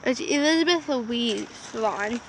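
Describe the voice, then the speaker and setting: High-voiced rambling woman outdoors. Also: animated, slow, a little hiss or hum. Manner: rambling, filler-heavy, says "flippin'" and "effing" instead of swearing. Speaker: vlogger. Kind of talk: casual rambling storytelling to camera.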